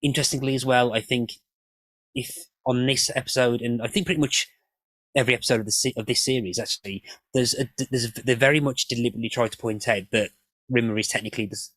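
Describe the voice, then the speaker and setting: A man's voice: mid-range voice, steady tone, fast, fairly bright tone, dry recording, low-quality recording. A man on a podcast panel, analysing an episode in casual chat with many restarts.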